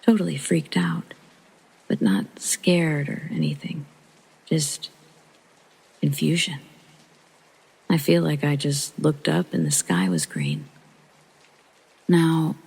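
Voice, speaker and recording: A channel host reading a true scary story aloud in a hushed sleep-story narration, often half-whispered, with a gravelly, husky voice. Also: mid-range voice, rough recording.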